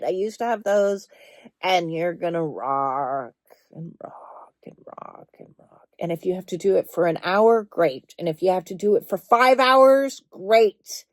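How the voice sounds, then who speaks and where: A woman with a high voice, recorded dry, speaks as a spiritual healing coach in an impassioned talk to the camera. She's blunt and emphatic, swears without hesitation, and lengthens words for stress, then shifts to a soothing, reassuring tone.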